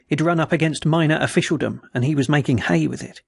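A man hosting a podcast, reading adventure and dark stories aloud in a measured, steady way. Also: fairly high pitch, vocal fry, breathy edge, no room sound, clean studio sound. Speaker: podcast story reader.

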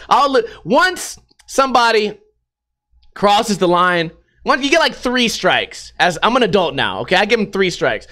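A man delivering a casual vlog monologue, animated and full of swearing. His voice is high-pitched and bright. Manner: profane, animated storytelling with laughs. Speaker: vlogger.

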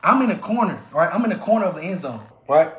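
Brief: excitable, heckling sports fan gone hoarse; pitch leaps all over, echoey room. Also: fast. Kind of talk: trash-talking reaction rant.

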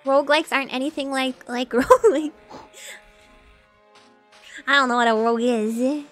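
A woman's voice: high voice, fairly even intonation, normal speed. A young woman streaming a video game, chatting casually and giggling as she reacts to what happens on screen. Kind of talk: casual gameplay commentary. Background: game music.

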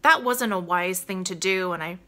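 A woman's voice: fairly low pitch, moderate pace, bright, forceful tone, voice pushed down. A woman voicing a remorseful little girl thinking aloud in a children's storybook reading, reflective. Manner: reflective, self-questioning.

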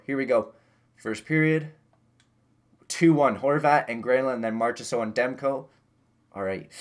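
A young man casually commentating his own video game season, getting loud when excited and muttering when disappointed. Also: mid-range voice. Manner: excitable, swings between yelling and muttering. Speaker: gaming YouTuber.

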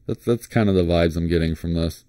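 A deep-voiced man from Florida talks casually as he browses, his tone mellow and unhurried. He rambles and restarts, filling gaps with little hums. The sound is dry and close, with no room around it. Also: no room sound. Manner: rambling, relaxed, thinks aloud with many fillers and restarts. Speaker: flashlight vlogger. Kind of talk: casual screen-share commentary.

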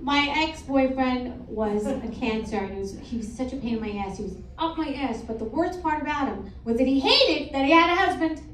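A middle-aged woman performing a stand-up comedy set in a comedy club, crude and deadpan, working the crowd between punchlines. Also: high-pitched, fairly quick, hardly any pauses. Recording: echoey club audio from far off with loud crowd.

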